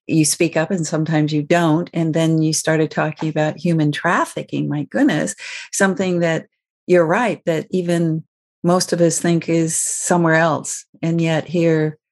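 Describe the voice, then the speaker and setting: A woman's voice: deep voice, steady tone, measured pace, a little mellow. Encouraging woman interview host. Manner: encouraging, many small affirmations. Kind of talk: casual interview.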